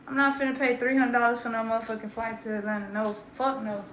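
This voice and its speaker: Woman round 30 storytelling, high n bright, cussing a lot, echoey room. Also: fast talker, slight background noise. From grew up in Georgia, US South. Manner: animated, profane, slangy and emphatic. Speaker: vlogger. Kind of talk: casual storytelling to camera. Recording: roomy echo.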